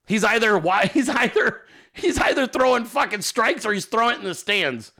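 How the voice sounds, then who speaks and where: Male podcast host, casual and profane, jokey, lively swooping delivery, fairly high voice, a tense, sharp edge to the tone. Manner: profane, joking, quick to laugh.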